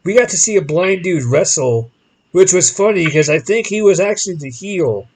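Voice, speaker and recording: This podcast host has a high, slightly breathy male voice and a moderate pace, heard on a low-quality recording. Chatting casually, he tells a long story, animatedly voicing each quoted person differently while rambling and restarting sentences often.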